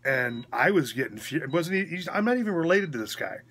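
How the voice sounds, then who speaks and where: A man's voice: fairly high pitch, big pitch swings, brisk, a bit bright, slightly rough. A man recounting a story in a casual, frank and rambling way, often checking in with his listener, while recovering after a hospital stay. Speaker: vlogger.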